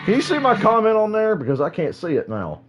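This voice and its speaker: Brief: a male streamer cursing and shouting at the game, his pitch bouncing high and low. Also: fast talker, over music. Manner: loud, profane and animated, yells at the plays. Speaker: streamer watching a football game live. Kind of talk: casual live reaction.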